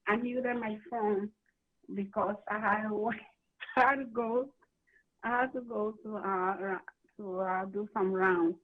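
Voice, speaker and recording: A woman's voice: mid-range voice, steady tone, slow. A woman calling into a radio show, speaking hesitantly and apologetically. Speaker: caller. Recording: muffled phone line.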